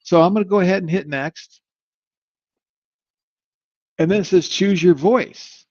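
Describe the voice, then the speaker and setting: A man hosting a live webinar, demoing software in an upbeat, rambling sales manner. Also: high voice, unhurried, no echo. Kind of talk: live online product demo. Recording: slightly muffled dry audio.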